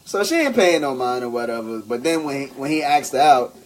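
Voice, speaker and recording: A man co-hosting a podcast in casual banter, animated and slangy, acting out the quotes in his stories. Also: mid-range voice, a little fast. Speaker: podcast co-host.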